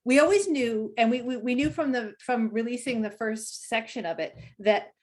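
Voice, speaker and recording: A woman producer talks about her team's work in a casual, animated way and restarts sentences often. Her voice sits a little higher than most. It comes through a video call. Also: normal speed. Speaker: game producer. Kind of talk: casual panel chat.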